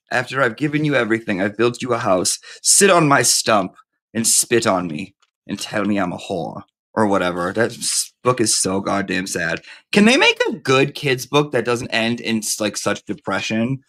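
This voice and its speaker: A man's voice: lowish voice, expressive, normal speed, a bit bright. A man hosting a live stream in casual chat, campy, profane and rambling.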